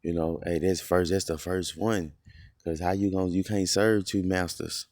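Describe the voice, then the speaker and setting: A man giving an informal scripture lesson in a loose, conversational way, full of fillers and slowing down to read verses aloud. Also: low voice, fairly even intonation, darkish tone, no echo, clean studio sound. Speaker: religious teacher.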